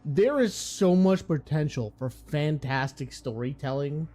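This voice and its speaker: A man's voice: a little high, lively intonation, unhurried, dark tone, faint music behind. A man streaming a game, ranting with profane exasperation in casual commentary.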